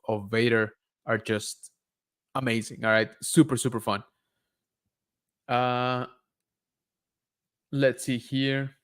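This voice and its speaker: Young guy rambling about a show on a live stream, smooth clear voice, lots of ums. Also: mid-range voice, a bit bright. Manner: rambling and enthusiastic, many fillers. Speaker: host.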